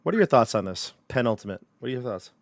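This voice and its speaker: A man's voice: mid-range voice, very animated, fast talker, vocal fry, no room sound. A man running a livestreamed tabletop horror game, joking and chatty with his players. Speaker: game master.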